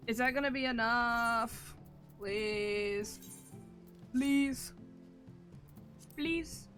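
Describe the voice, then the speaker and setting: Game streamer, woman; bright, forceful tone, excitable and profane, mutters then bursts out. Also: fairly high pitch. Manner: excitable, swings from mutters to loud outbursts, swears freely. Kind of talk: casual live-stream chatter.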